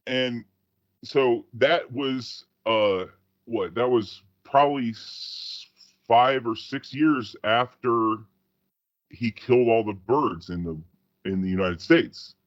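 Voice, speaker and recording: A man's voice: medium pitch, slow pace, dry recording. Rambling, profane man on a lo-fi podcast. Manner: rambling, profane storytelling with many restarts. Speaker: podcast co-host. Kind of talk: casual chat.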